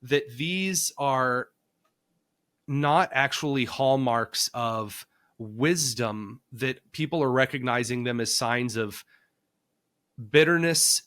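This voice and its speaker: A man hosting a casual interview, chiming in with quick remarks. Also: medium pitch, a bit bright, smooth. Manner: quick interjections, laughs along. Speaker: interview host.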